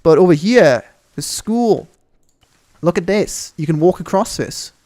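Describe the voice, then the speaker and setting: A young man hosting a gaming channel, giving excitable, rambling, swear-filled commentary as he tours a game map. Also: high voice, measured pace.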